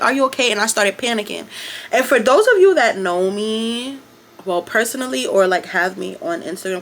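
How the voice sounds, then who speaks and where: A young woman rattles through a casual storytime, sprinkling "like" and swear words everywhere. Her pitch sits in an ordinary middle range. A faint hiss hangs behind the recording. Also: a bit bright. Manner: rapid, profane, filler-heavy storytelling with acted quotes. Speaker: vlogger.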